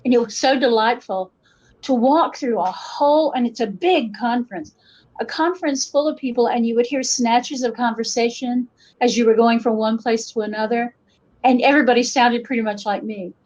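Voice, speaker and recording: This middle-aged woman from western North Carolina speaks with an Appalachian Southern accent as a guest folklorist, spinning lively stories in a casual interview and shifting her accent to match her listeners. Her voice is on the high side at a moderate pace, with slight background noise on a muffled, lo-fi recording.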